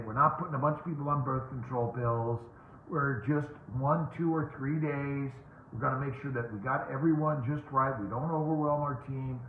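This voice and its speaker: A man's voice: mid-range voice, slight background noise. A man hosting a casual live question-and-answer stream as a fertility doctor, greeting viewers by name and rambling with fillers. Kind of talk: casual livestream chat. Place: home. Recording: tinny phone-like audio, roomy echo.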